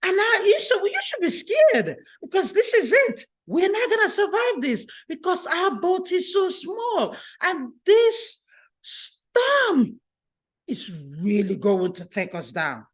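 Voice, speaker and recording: A woman voicing a terrified wife caught in a storm on a small boat, wailing and pleading in a high voice. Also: slow pace, pushed and bright, exaggerated voice. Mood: panicked.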